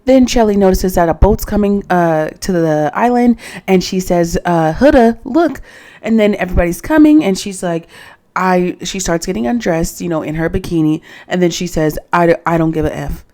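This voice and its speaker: Talking directly to her viewers at a normal speed, a woman casually recaps a reality dating show, opinionated and frequently exasperated. Her voice is on the low side for a woman, mellow and soft-edged.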